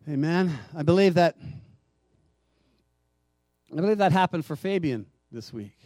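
A man preaching a sermon as pastor, moving from hushed, gentle passages to loud emphatic ones and calling out to the congregation for responses. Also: a little high, normal speed, pauses often, no room sound.

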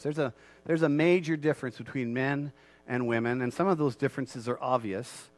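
A man preaching a sermon as pastor, moving from quiet earnest talk to loud, fervent declarations and repeating phrases for emphasis. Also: on the high side, no room sound.

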